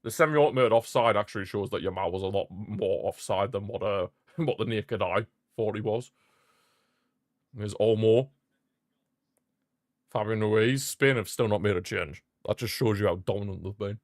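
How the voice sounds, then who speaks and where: A man giving casual live commentary on a football match as he watches along, chatty and prone to repeating himself with sudden excited bursts. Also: lowish voice, moderate pace, dry recording, studio quality.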